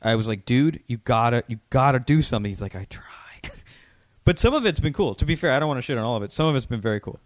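A man's voice: medium pitch, expressive, fast talker, no room sound, studio quality. A man in casual podcast chat, swearing and acting out quotes as he tells stories.

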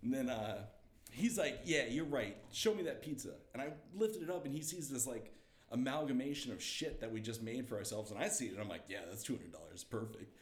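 Animated young man telling a story. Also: mid-range voice, fairly quick, reverberant. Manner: lively, laughing, acts out quotes. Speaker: comedian guest.

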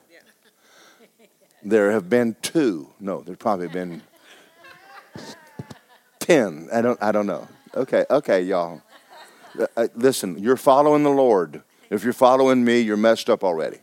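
A man, a pastor preaching and telling a story with animated bursts of loud shouting. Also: fairly low pitch, unhurried, long pauses. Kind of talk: sermon.

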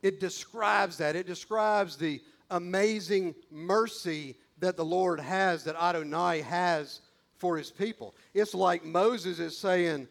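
A man's voice: sits high, slow pace, creaky. A male preacher, delivering a sermon in a conversational, emphatic way with folksy asides.

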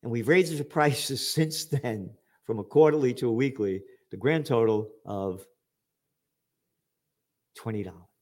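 A man giving an angry, profane political rant with sarcastic jabs and sudden shouted outbursts. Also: medium pitch, a little slow. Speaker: commentator.

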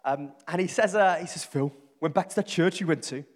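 Animated Brummie preacher in a reverberant hall. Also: male voice, on the high side, brisk. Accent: Birmingham English. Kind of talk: sermon with storytelling.

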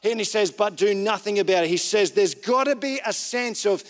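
A man's voice: high voice, moderate pace, in a large hall, soft background music. A man preaching a sermon as pastor, in a casual, conversational way that often repeats phrases.

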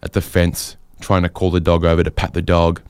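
A man telling a long, wry anecdote in a casual, chatty way, with quick asides and fillers. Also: low-pitched, completely flat delivery, clear, resonant tone, no room sound, studio quality. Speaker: storyteller.

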